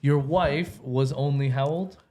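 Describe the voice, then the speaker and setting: A man's voice: medium pitch, measured pace, a little mellow. A man hosting a casual podcast, chiming in with short remarks and teasing questions to his guest. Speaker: podcast host. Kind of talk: casual chat.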